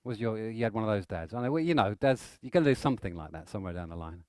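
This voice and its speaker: A man's voice: lowish voice, fast talker, clean tone, no room sound, studio quality. A man, an NLP trainer telling stories to a seminar audience, acting out the people in them. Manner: animated, acts out stories with shouts and laughter. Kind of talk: live seminar storytelling.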